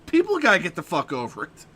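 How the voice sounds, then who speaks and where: A man's voice: sits high, wildly swooping pitch, a little fast, sharp tone, husky. A young man streaming a game and chatting casually, ranting and swearing freely about books he has read. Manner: profane, ranting. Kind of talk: casual gaming stream chat.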